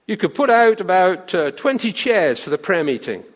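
A man's voice: high voice, sing-song, moderate pace, in a large hall. A man voicing a hesitant, older retired caretaker. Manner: hesitant, surprised.

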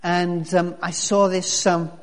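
A man's voice: sits high, little pitch movement, slow. A man preaching a sermon as pastor, chatty and full of restarts. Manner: conversational, with many restarts and fillers. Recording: long reverb of a large hall.

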